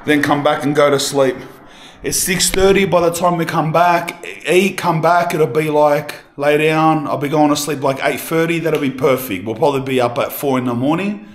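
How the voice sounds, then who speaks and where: A young man filming a casual travel vlog, talking in excitable slang and calling the viewer bro, cuz and lad. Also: a little high, normal speed, dry recording. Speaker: travel vlogger.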